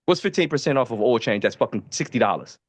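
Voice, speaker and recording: A man from Baltimore, a podcast co-host, telling stories in a profane, animated casual way. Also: mid-range voice, quick pace, dry recording. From Baltimore, USA. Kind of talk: casual storytelling.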